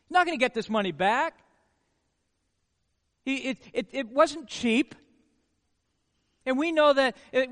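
A man's voice: extremely high pitch, fairly bright tone. A male pastor preaching a sermon, full of rhetorical questions and words repeated for emphasis. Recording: long hall reverb.

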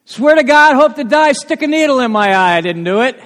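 A man's voice: fairly high pitch, big pitch swings, normal speed. A man voicing a frightened male apostle who insists under oath that he is telling the truth, heard with long church reverb. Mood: swearing. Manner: insistent, pleading.

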